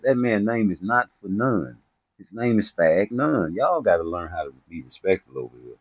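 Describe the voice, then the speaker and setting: A man's voice: on the low side, very animated, normal speed, no room sound. A man ranting casually to camera about boxing personalities, rambling and profane, teasing people and laughing at his own jokes. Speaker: boxing commentary vlogger. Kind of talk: casual comedic rant to camera. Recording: tinny phone-like dry sound.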